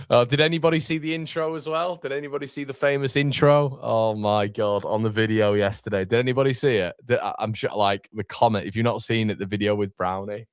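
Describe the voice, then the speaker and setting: A man's voice: medium pitch, moderate pace, no echo, clean studio sound. A young man hosting a live football watchalong, chatting casually and reading out viewer comments. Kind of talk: casual live-stream chat. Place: home room.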